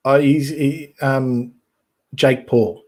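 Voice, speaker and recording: A man hosting a casual online chat show, rambling and halting with many ums and restarts. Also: medium pitch, fairly even intonation, a little mellow. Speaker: podcast host.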